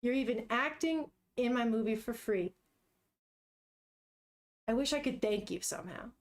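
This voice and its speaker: An earnest young male filmmaker who jokes awkwardly, his lines read plain and quick by a woman. The voice stays high. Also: expressive.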